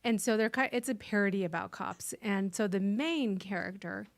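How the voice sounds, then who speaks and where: A woman's voice: mid-range voice, moderate pace. A woman co-hosting a live stream, explaining things chattily and restarting her sentences. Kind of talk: casual live-stream chat.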